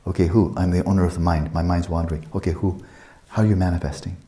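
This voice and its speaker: Calm older man guiding meditation. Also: low-pitched, fast talker. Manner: calm, reflective, asks many rhetorical questions. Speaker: meditation teacher. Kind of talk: guided meditation teaching. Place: retreat meditation hall.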